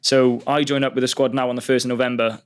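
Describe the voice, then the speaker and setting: A man's voice: mid-range voice, clean tone. A young man from Wales, a rugby player, telling stories in a casual podcast chat with lots of fillers and the odd swear. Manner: quick, animated storytelling with fillers and swearing. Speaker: professional rugby player, guest.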